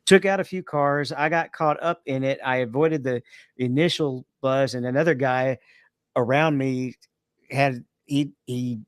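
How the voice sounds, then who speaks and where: A man co-hosting a casual podcast, telling long, rambling race stories with quick asides. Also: mid-range voice, steady tone, clean tone, dry recording, clean studio sound. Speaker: podcast co-host. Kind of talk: casual chat.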